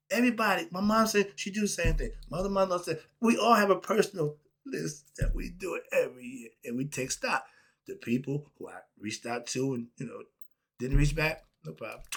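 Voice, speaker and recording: A man ranting on his own commentary show, emphatic and animated, asking rhetorical questions and swinging between loud outbursts and low mutters. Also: gravelly, slightly rough. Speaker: commentary channel host. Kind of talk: unscripted solo rant.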